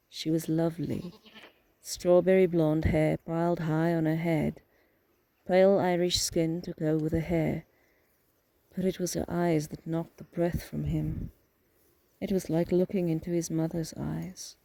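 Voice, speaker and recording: A man narrating an audiobook in a steady, flat reading with a gravelly rasp. His voice sits somewhat high but sounds dark and mellow, recorded dry and close with no room sound. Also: measured pace, dry recording, poor audio. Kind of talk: scripted narration.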